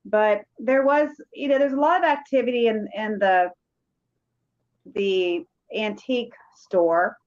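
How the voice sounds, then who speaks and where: A woman's voice: on the high side, a little slow. A woman paranormal investigator telling a rambling story in casual chat. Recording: dull lo-fi sound.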